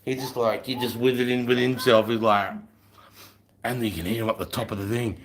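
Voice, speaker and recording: A man's voice: mid-range voice, fairly even intonation, fairly quick. A man telling a boastful army story in casual, profane, swaggering talk. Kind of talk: crude anecdotal storytelling.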